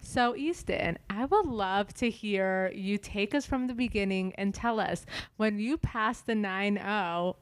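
A woman's voice: mid-range voice, a little slow, a little hiss or hum. A woman hosting a podcast, eagerly asking her guest questions in casual chat. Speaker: podcast host.

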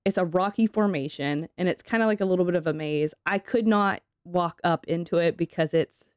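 A woman co-hosting a podcast in a casual, chatty way, quick to laugh and to swear. Her voice sits low, and the sound is dry and close to the mic. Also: clean tone, no echo. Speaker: podcast co-host. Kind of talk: casual chat.

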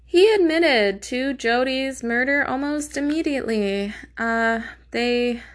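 Bright-voiced, cursing true crime storyteller woman. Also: on the high side. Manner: indignant, profane, blunt. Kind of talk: casual true crime narration.

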